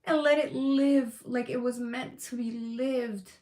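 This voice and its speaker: A woman with a fairly high voice leads a live tarot reading and talks straight to her viewers. She speaks with emphatic reassurance, repeats her key phrases and swears in a casual way. Her delivery runs emotional, and she often sounds close to tears. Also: fairly even intonation, slow, darkish tone. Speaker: tarot reader.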